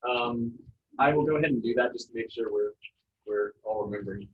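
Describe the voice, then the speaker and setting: A man teaching a Spanish class, relaxed and jokey, with many fillers. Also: medium pitch, fairly quick. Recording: roomy, distant, muffled classroom sound.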